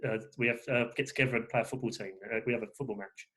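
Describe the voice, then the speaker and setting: A man's voice: mid-range voice, steady tone, very fast, fairly bright tone. A man from England, talking as a guest in a rambling way with many fillers and restarts. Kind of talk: casual conversation.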